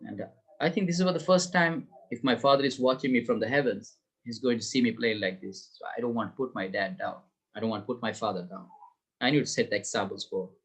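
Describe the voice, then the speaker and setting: A man voicing a grieving teenage boy athlete in a story, speaking softly and subdued. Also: mid-range voice, fast, breathy edge, voice pushed down.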